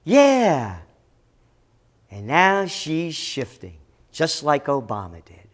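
A man's voice: a little high, wildly swooping pitch, slow pace. A man hosting a political commentary segment, sarcastic and scornful, hammering his points with heavy emphasis. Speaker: host.

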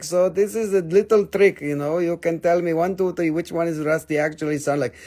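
A man runs a live crystal sale in a rambling, joking way. His voice sits slightly high. He talks casually and playfully to his viewers. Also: fairly even intonation, fairly quick, few pauses, mellow. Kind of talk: casual live sales stream.

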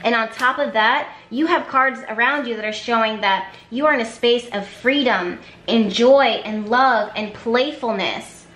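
A woman's voice: fairly high pitch, measured pace, few pauses, a bit bright, reverberant. A woman giving an intuitive tarot reading to camera, talking emphatically with repetition and flashes of exasperation. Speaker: tarot card reader.

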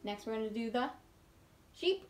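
A woman who is a children's librarian, gently teaching a sing-along lesson for small children. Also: mid-range voice, slow pace, soft background music. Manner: gentle, encouraging, sings with ukulele.

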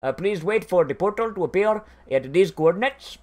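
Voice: mid-range voice, expressive, normal speed, darkish tone, voice pushed up, lightly acted. A speaker voicing a bored male call-center operator with an Indian accent and polite, scripted patter. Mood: bored politeness.

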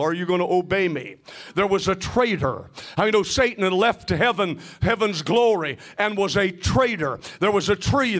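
Preaching a sermon, a very high-voiced pastor throws questions to the congregation and waits for their replies. His delivery often rises into shouting and sing-song lines.

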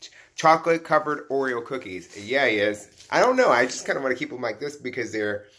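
On a live stream, a man unboxes collectible toys while chatting casually, sounding excitable and greeting viewers by name. His voice sits in the mid-range and moves a little fast.

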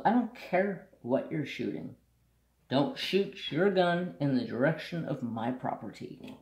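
A man's voice: fairly high pitch, a little slow, a little mellow, reverberant. A man hosting a craft channel, telling a country story bluntly and saltily in casual chat. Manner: blunt, salty rural storyteller.

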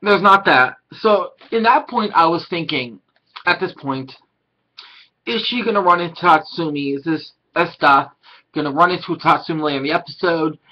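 A man's voice: on the high side, normal speed, bright, forceful tone, highs cut off, a little hiss or hum. A man in his thirties casually reviewing an anime episode, rambling through the plot and acting out the characters' lines. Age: 30s. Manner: rambling plot retelling, acts out character quotes.

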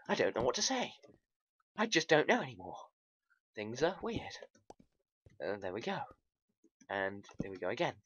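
A man talks his way through a game in a loose, rambling commentary, laughing at himself and addressing his viewers. His voice leaps up and down with lively swings of pitch. The recording sounds dull and lo-fi, like a cheap home microphone. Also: unhurried, pauses often, husky, no room sound. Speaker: gaming video host.

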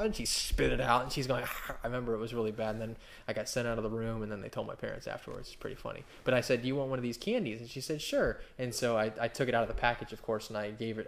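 A man preaching a sermon in a casual, rambling way, with asides and restarts, reading scripture aloud slowly and with emphasis. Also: mid-range voice, creaky. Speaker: pastor.

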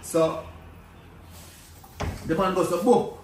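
A man's voice: high-pitched, slow. Jamaican man telling stories in patois. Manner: storytelling in Jamaican patois, laid-back. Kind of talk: casual chat. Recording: echoey, distant mic with faint background hiss.

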